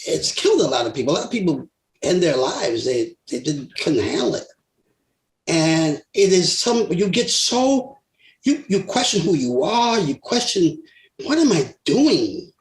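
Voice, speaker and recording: A man's voice: fairly high pitch, moderate pace. Older man telling stories, roomy echo. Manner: animated storyteller, laughs often, acts out voices. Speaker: guest singer. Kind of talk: storytelling interview.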